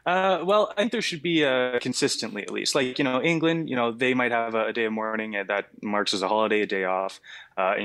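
A man's voice: mid-range voice, a little fast, a bit bright, slight background noise. A young man co-hosting a news stream, giving casual political commentary in a hesitant way. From Canada. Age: young adult. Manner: hesitant, many fillers and restarts. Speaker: co-host.

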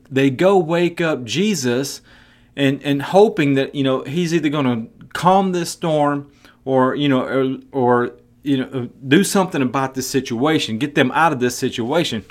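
A man preaching a sermon, retelling a scripture story in an earnest way, often repeating and restarting his words. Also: mid-range voice. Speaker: pastor.

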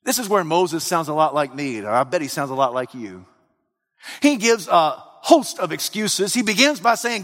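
A man preaching a sermon as pastor, emphatic and now and then rising to a shout. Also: a little high, fairly quick. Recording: long hall reverb.

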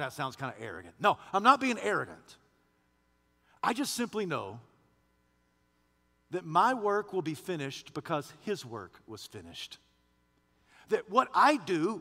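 A man's voice: high voice, a bit bright, in a large hall. A man pastor preaching a sermon with rising fervor, posing questions to the congregation.

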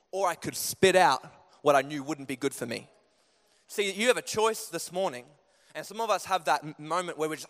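A young man preaching a sermon in a church, telling stories in an animated way that climbs higher and louder as he gets going. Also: normal speed, pauses often. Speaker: pastor. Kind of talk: sermon with personal storytelling. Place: church hall. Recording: long hall reverb.

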